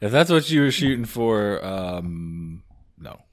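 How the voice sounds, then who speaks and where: Young guy with a lowish voice on a podcast, teasing his buddies. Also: very animated, takes it slowly. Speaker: podcast co-host. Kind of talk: casual podcast chat.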